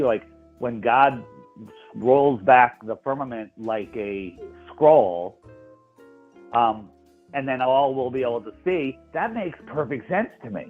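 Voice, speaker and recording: A man tells stories in a lively way, often repeating his words mid-thought. He is heard over a thin, phone-like call line. Faint music plays underneath. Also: medium pitch. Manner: animated storyteller, repeats words. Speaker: guest. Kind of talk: casual chat.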